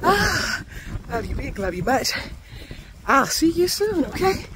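A woman vlogging as she walks up a hill outdoors, chanting greetings and blessings in a sing-song voice that cracks into high cries. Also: very animated, unhurried, background noise.

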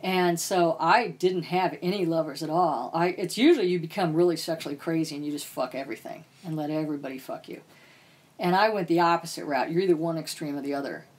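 A woman's voice: deep voice, brisk, a little mellow. A woman author as a podcast guest, speaking bluntly and profanely about painful experiences. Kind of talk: candid podcast interview.

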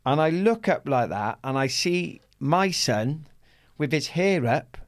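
Man, middle-aged, interview guest: animated storyteller, laughs through his tales, swears freely. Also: fairly high pitch, slow pace. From Wales. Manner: laughs often, swears freely, acts out his own shouts.

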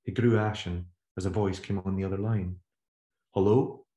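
A man, the author, reading aloud from his novel in a measured, steady voice. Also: low voice, dull audio. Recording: roomy echo.

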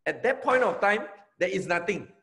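A middle-aged Malaysian man with a Malaysian accent, giving an energetic, emphatic motivational talk as a network marketing trainer and repeating his key phrases. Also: sits high, moderate pace, vocal fry.

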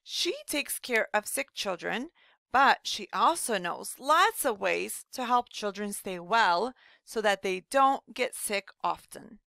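A woman narrating a scripted read-aloud lesson for first graders, asking young children slow, gentle questions. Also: medium pitch, expressive, creaky, dry recording. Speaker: teacher narrator.

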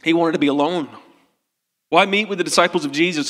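A man's voice: a little high, quick pace, pauses often, fairly bright tone, in a large hall. A male pastor preaching a sermon in an earnest, tender way, in a church sanctuary.

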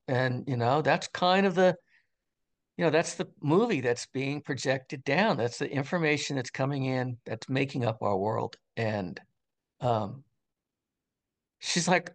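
A man's voice: mid-range voice, animated, a little slow. An older man, an interview guest, telling a story in a casual, rambling way, full of fillers and restarts.

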